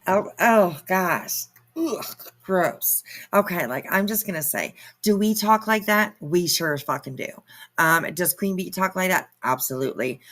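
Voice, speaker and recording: A woman with a fairly low voice talks slowly and unhurriedly, hosting her own reaction channel. She mocks the people in the clips with heavy sarcasm and swears without holding back. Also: expressive, a bit bright. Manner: sarcastic, mocking, swears freely. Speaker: commentary channel host. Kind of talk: casual reaction commentary.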